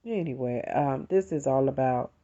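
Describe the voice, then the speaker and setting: With a rumbling low voice and a warm tone, a middle-aged woman from the United States speaks at a moderate pace on a lo-fi recording. As a podcast host, she shares sincere, conversational thoughts on faith and gratitude, calling her audience "you all."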